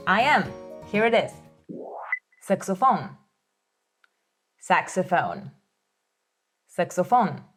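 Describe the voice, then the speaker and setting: Woman teaching vocab real slow, careful clear pronunciation, host of a lesson. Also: mid-range voice, big pitch swings, soft background music. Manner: careful, clear enunciation for repetition.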